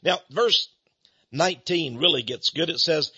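A man preaching a sermon, emphatic and deliberate with drawn-out stresses, on a dull lo-fi recording. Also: on the high side, pushed and bright, breathy edge, no room sound. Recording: dull lo-fi sound.

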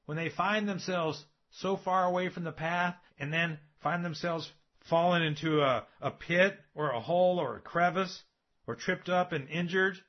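A man's voice: fairly high pitch, normal speed. A man preaching a sermon, emphatic and asking rhetorical questions of his listeners. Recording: dull lo-fi recording.

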